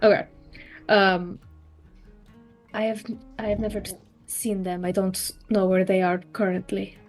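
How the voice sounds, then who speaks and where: A woman's voice: medium pitch, little pitch movement, a little slow, faint music behind. Hesitant woman player. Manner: hesitant, with restarts. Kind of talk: in-character tabletop play.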